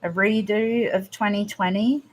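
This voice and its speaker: A woman hosting a casual livestream, answering viewers' comments in a halting, emotional way with frequent restarts. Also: mid-range voice, fairly even intonation. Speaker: livestream host.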